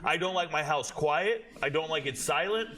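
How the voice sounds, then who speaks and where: A young man streaming a football watch party, telling animated stories to his chat and swearing freely. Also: fairly high pitch, normal speed, background noise. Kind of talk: casual chat.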